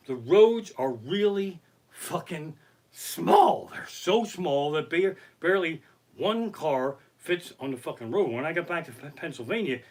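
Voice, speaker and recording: A male comedian telling profane, animated stories on a live stream from his living room. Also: a little high. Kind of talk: stand-up storytelling on a live stream. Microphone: basic home setup.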